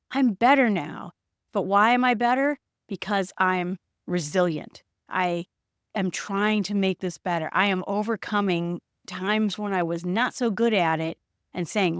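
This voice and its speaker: A woman talks alone on her podcast in a reflective way, now and then quoting the doubting voice in her own head. Her voice sits at an ordinary middle pitch. The recording is dry and close, with no room sound. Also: clean tone, dry recording. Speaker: podcast host. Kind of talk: solo podcast monologue. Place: home setup recorded on video.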